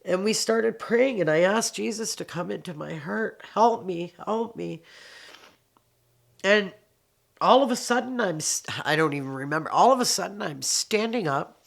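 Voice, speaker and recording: A woman's voice: mid-range voice, animated, moderate pace, creaky. A woman, giving heartfelt personal testimony, often repeating phrases and restarting sentences. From Canada. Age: 60s. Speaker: interviewee sharing her life story.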